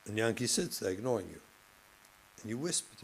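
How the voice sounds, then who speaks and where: A man, a rabbi and therapist, giving a passionate lecture to educators, moving from loud emphasis to hushed speech. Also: mid-range voice, expressive, quick pace, long pauses, a little hiss or hum, low-quality recording. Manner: passionate, acts out classroom scenes, swings between loud and hushed.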